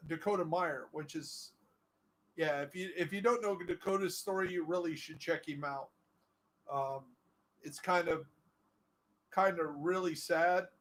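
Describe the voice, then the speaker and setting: A man's voice: on the high side, a bit bright, poor audio. A middle-aged man chatting casually while playing a game, telling a long story with many fillers and restarts. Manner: rambling, full of fillers and restarts. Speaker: gaming streamer.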